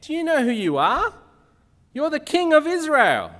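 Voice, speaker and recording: Man doing a fiery bossy queen, loud and high, barking at her husband, big church echo. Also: huge pitch swings, normal speed, exaggerated voice. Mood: scolding. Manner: loud, forceful scolding. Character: fiery domineering queen, scolding.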